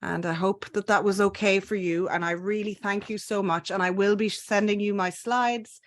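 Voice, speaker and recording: Soft-spoken Irish woman guiding a meditation. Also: medium pitch, steady tone. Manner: gentle, soothing, slow guiding. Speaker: webinar presenter. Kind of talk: guided self-compassion exercise.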